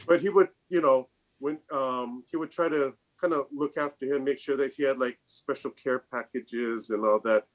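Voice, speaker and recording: A man telling a story casually on a video call, acting out the people he quotes in a higher voice. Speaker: storyteller in a group chat.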